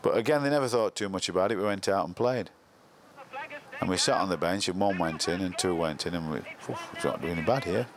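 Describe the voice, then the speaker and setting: Older man, deep voice, blunt, colloquial, interview memories. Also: brisk, a crowd in the background. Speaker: former football coach. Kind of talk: retrospective interview.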